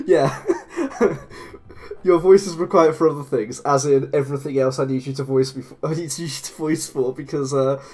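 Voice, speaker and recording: A man's voice: fairly high pitch, unhurried, a little mellow. An English man chatting casually on a live stream while making clay models. He rambles and laughs often. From England. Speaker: claymation streamer.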